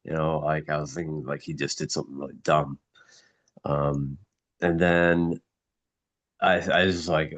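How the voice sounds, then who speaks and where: A middle-aged man in a casual group chat, grieving and somber, talking haltingly with many restarts. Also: rumbling low, level tone, a bit bright. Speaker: mastermind group member.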